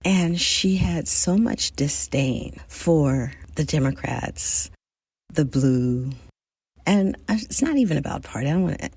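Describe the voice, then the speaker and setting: A woman podcast host from the United States speaks in a low, husky, gravelly voice. She talks in a thoughtful, measured way with lively swings of pitch and addresses her listeners directly. The sound is dry and close. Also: dry recording. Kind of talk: reflective solo podcast monologue.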